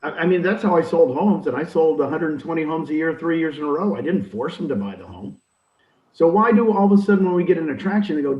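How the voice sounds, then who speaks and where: An older man in real estate recruiting who talks in an energetic, emphatic coaching style and acts out quoted dialogue. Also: a little high, quick pace. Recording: roomy, distant, dull audio.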